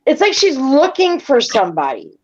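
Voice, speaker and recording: Middle-aged woman, interview guest, chatty, repeats herself, high-ish voice, dull lo-fi sound. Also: normal speed. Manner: rambling, repeats words, animated retelling. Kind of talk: casual storytelling.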